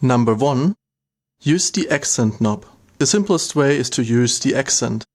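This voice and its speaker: A man's voice: mid-range voice, lively intonation, a little slow, noisy background. A man narrating an instructional demo, walking through each step in a plain, methodical way. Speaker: product demonstrator.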